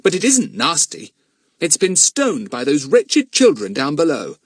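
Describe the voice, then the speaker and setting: A man voicing a kind, firm boy who loves animals, in an earnest, gentle way. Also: fairly high pitch, wildly swooping pitch, measured pace, no echo, clean studio sound, pitched above the performer's own voice, full character voice.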